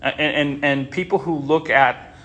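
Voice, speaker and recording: A man's voice: on the high side, fairly even intonation, normal speed, a bit bright, dull audio. A man teaching a Bible class in an informal way, often stopping short, restarting and repeating words as he talks.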